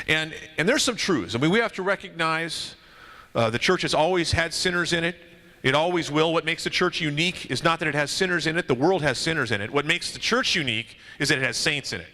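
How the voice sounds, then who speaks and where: A man speaking at a men's conference, telling a story in a dramatic, animated way that builds to loud cries, then speaking directly to the audience. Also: fairly high pitch. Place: conference hall.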